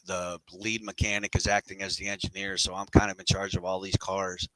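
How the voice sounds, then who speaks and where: A man's voice: sits low, flat delivery, a little fast, sharp tone, no room sound, low-quality recording. A middle-aged man telling his story as a podcast guest, candid and rambling with casual slang.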